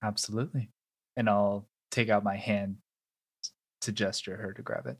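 A man with a low voice, casually stating his character's actions in a tabletop game. The recording is dry, with no room sound. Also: flat delivery, measured pace, dry recording. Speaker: player.

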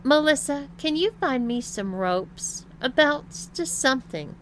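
A woman voicing a mean young woman with a husky voice who taunts and mocks. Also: high-pitched, animated, unhurried, a bit bright, slight background noise, pitched above the performer's own voice. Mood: taunting. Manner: mocking, teasing.

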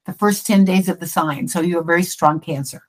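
A woman's voice: on the low side, fairly quick, poor audio. A middle-aged woman, a psychic guest, chatting casually in an interview, often restarting her sentences.

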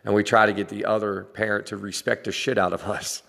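Gravelly man in his forties ranting. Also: fairly low pitch, flat delivery, a little fast, fairly bright tone, in a large hall. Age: 40s. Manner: blunt, swearing, laughing between lines. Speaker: vlogger dad. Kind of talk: casual rant to camera.

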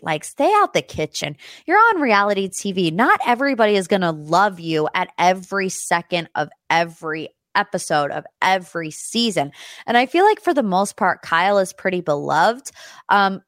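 In a studio-quality recording with no echo, a young female podcast host covers pop culture news in a chatty, gossipy way. She speaks at a medium pitch with a fairly bright tone, tossing in plenty of asides and fillers.

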